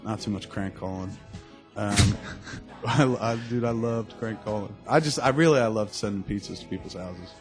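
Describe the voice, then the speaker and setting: Laughing, foul-mouthed podcast host. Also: male voice, lowish voice, normal speed, over music. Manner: profane, joking storyteller who laughs often. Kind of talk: casual podcast chat.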